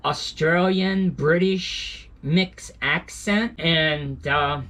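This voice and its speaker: A man's voice: on the high side, extremely slow, bright, forceful tone. A man telling a casual travel story as a vlogger, rambling with fillers and self-corrections.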